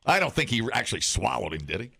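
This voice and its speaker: A man's voice: mid-range voice, fast, creaky, breathy edge, dry recording, studio quality. A man co-hosting a radio morning show, joking and teasing his partner in casual banter. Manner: joking, teasing, deadpan fake stories.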